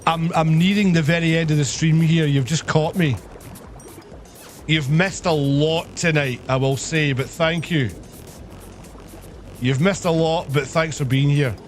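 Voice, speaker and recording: A man's voice: fairly high pitch, unhurried, pauses often, faint music behind. Profane man telling a story. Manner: profane, animated, acts out the people in his story. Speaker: livestreamer. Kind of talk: casual storytelling on a live stream.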